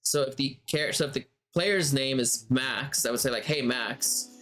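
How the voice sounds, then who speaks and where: A man explains game mastering in a loose, unscripted way, answering questions as they come and often reworking a sentence halfway through. His voice sits in an ordinary middle pitch, with soft guitar music faintly behind him. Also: normal speed. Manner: conversational, thinks aloud and rephrases mid-sentence. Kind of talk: casual spoken lesson answering questions.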